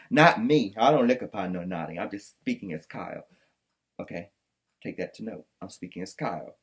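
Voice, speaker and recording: A man's voice: fairly low pitch, normal speed. A man hosting a casual recap podcast, ranting in a sassy, profane, exasperated way. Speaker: podcast host recapping a reunion. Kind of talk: casual commentary with clips.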